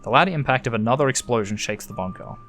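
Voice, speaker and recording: Australian man reading a story game aloud. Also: quick pace. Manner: animated reading, shifting pitch and loudness for each character. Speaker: gaming YouTuber.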